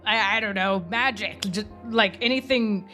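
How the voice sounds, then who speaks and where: A woman's voice: medium pitch, normal speed, sharp tone, faint music behind. A woman playing a character in a tabletop game, rambling a little as she searches for words. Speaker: player. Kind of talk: in-character tabletop role-play.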